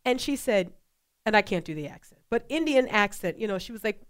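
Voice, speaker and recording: A woman's voice: medium pitch, animated, brisk, clean tone. A woman co-hosting a faith talk show, speaking with passion and repeating phrases for emphasis. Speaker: co-host.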